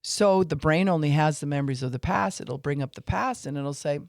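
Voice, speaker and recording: A man's voice: fairly high pitch, fairly quick, gravelly, hardly any pauses, dry recording, studio quality. A man teaching on faith and emotions in an informal podcast talk, with fillers, acting out what people say.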